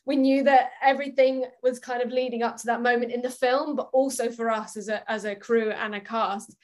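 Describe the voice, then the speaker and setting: A young woman telling stories from a film set in a casual interview. Her voice sits a little high and she laughs easily as she talks. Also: a little fast. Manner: giggly, animated storytelling. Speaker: actress, guest.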